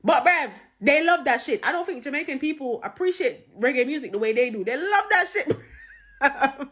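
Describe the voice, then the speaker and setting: A high-pitched woman tells a casual story, full of street slang. She is animated and chatty and breaks into laughter. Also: moderate pace.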